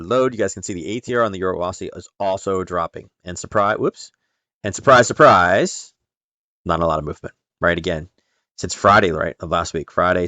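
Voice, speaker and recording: Low-voiced man talking through charts. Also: bright, forceful tone, no echo. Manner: chatty, explains step by step with frequent ums and "right?". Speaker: trading educator hosting a nightly stream. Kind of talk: casual live-streamed chart walkthrough.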